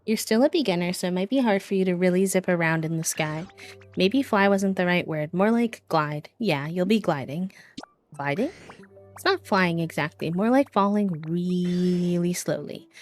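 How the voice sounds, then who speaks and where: A woman voicing a sleepy, gentle flying creature from a game, reading its lines in a soft, drowsy, friendly way. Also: on the low side, animated, moderate pace, soft background music, natural voice. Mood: encouraging. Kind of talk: reading game dialogue aloud.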